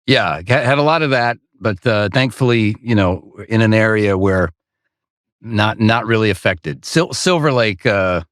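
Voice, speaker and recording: A man's voice: lowish voice, expressive, a little slow, a bit bright, no echo, studio quality. A man talking as a podcast guest in casual chat, laid-back and often calling people "man".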